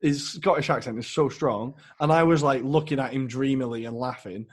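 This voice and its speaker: A mid-pitched man chatting on a football podcast. He rambles eagerly about what he has been watching and pokes fun at himself along the way. His voice sits right in the usual middle range. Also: fairly quick, slightly rough. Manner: enthusiastic, rambling, self-deprecating. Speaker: podcast co-host. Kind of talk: casual football podcast chat.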